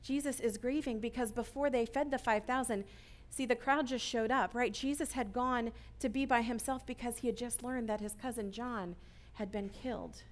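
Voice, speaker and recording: A woman preaching an earnest sermon, often checking in with listeners with a quick "right?". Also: fairly high pitch, fairly even intonation.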